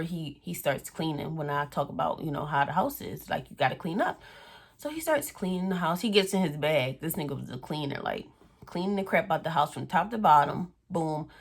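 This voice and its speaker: A young woman tells a personal story to her camera. Her voice sits a little low for a woman. She talks in a casual, animated way, swears freely and acts out what people said. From Philadelphia area. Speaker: vlogger.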